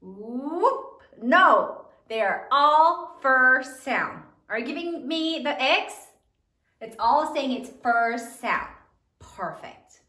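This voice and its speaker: A woman teacher dictating spelling words slowly and clearly, sounding each one out. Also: high voice, expressive, sharp tone. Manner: slow, clearly enunciated word dictation. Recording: roomy, from a distance.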